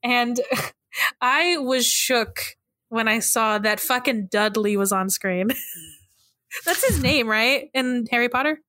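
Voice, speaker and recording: A woman co-hosts a casual movie podcast, talking in an animated way with frequent laughter and easy swearing. Her voice is bright and a little high, and the sound is dry and close to the mic. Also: slow pace, no room sound. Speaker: podcast co-host.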